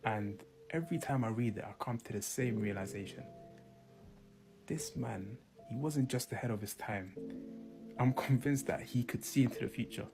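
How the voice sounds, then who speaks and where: A man telling a reverent story with dramatic pauses. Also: mid-range voice, over music. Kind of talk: storytelling about history.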